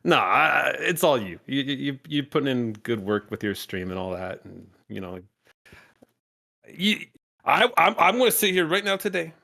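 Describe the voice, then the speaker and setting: A man's voice: mid-range voice, sing-song, moderate pace, gravelly, bright, forceful tone. A man appearing as a guest on a podcast, self-deprecating and laughing often. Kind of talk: casual podcast chat.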